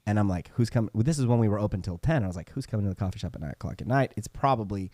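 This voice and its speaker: A man's voice: on the low side, rapid-fire, dry recording. A man co-hosting a podcast, telling stories in casual chat and acting out the voices he quotes. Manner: animated, acts out quoted voices. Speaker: podcast co-host.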